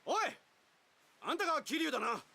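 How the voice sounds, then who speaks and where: An actor playing an angry father who loudly scolds and demands answers, in game audio with music behind. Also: very high-pitched, very animated, very fast, vocal fry, full character voice. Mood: angry scolding. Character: angry shouting father confronting a guardian.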